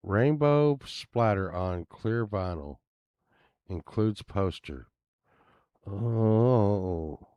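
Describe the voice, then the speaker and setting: A man's voice: on the low side, expressive, very slow, pauses often, warm tone, no echo, highs cut off. A man rambling casually as he browses items online, grumbling and swearing now and then. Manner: meandering, grumbling asides, occasional swearing. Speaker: vlogger.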